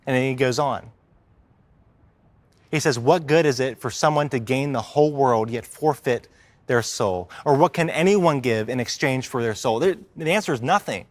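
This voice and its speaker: A man preaching a sermon as a church minister, talking casually and slowing down to stress key points. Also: medium pitch, no echo. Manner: conversational preaching, acts out quoted complainers, slows for emphasis. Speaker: life group minister preaching.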